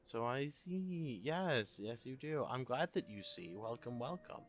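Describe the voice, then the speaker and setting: A man streaming a game live, chatting excitedly and casually with viewers, swearing now and then. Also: mid-range voice, unhurried, few pauses, soft background music. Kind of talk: casual gaming livestream chat.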